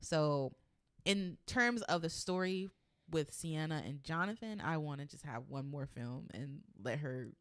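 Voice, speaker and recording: A woman co-hosts a casual horror news podcast, hedging her points with frequent fillers. Her voice sits at an ordinary pitch and is recorded dry and close. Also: lively intonation, unhurried, fairly bright tone, clear, resonant tone, no room sound. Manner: hesitant, hedging with "like" and "um". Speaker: podcast co-host.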